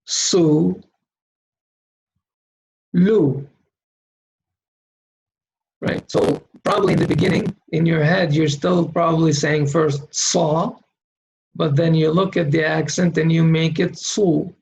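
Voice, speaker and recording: A man's voice: a little high, little pitch movement, moderate pace, creaky, few pauses, darkish tone, rough recording. A man teaching how to read Arabic letters, patiently sounding out single syllables for the learner to repeat. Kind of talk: slow recorded lesson drilling syllables.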